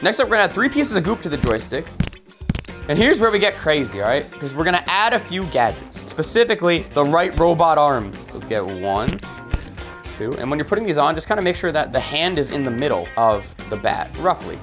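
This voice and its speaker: A man's voice: a little high, big pitch swings, a little fast. A young man presenting a comedic game tutorial in a playful, jokey way. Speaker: gaming YouTuber. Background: faint background music.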